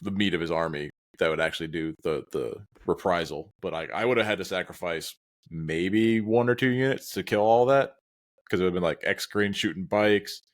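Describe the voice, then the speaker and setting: A man co-hosting a podcast, explaining game moves in a relaxed, casual chat. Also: low voice. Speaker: podcast co-host.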